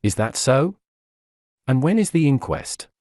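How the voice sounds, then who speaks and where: A man voicing a slow-drawling American gentleman, polite and genteel, with an American accent. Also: medium pitch, very animated, no echo, clean studio sound. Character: slow-drawling American male art collector.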